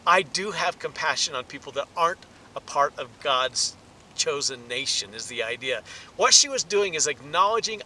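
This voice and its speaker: High-voiced animated preacher man. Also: moderate pace, a little hiss or hum, low-quality recording. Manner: animated, rises in pitch and volume for emphasis. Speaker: pastor. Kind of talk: sermon teaching.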